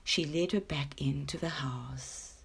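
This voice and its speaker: A woman from Africa, reading a children's story aloud in an expressive storytelling manner. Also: low-pitched, creaky, a little hiss or hum. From South Africa. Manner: expressive, slow-paced storytelling.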